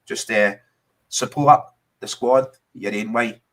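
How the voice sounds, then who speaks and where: Scottish man, podcast co-host, chatty and casual, mid pitch. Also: slow, a bit bright. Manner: chatty, keeps saying mate. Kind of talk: casual football chat.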